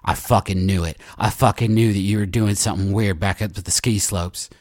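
A man's voice: on the low side, steady tone, a little fast, darkish tone, no echo, voice pushed down, lightly acted. A man voicing a hot-tempered, scared and injured man in a tabletop game, with a West Virginia drawl and plenty of swearing. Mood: angry, panicked.

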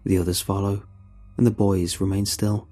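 Man, horror storyteller, tense, measured, dark mellow tone, husky. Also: low-pitched, little pitch movement, faint music behind. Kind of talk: first-person horror narration.

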